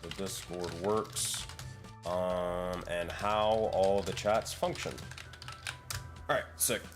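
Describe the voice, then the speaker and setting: A man with a lowish voice runs a casual online meeting, thinking aloud and rambling through ideas with plenty of ums. He sounds like he is on a headset over a voice call, with faint music in the background. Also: fairly even intonation, slow pace. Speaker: community project lead and dungeon master.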